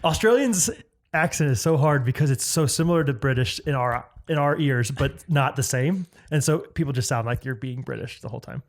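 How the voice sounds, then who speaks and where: A man co-hosting a casual podcast chat, joking in quick bursts and laughing often. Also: mid-range voice. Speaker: podcast co-host.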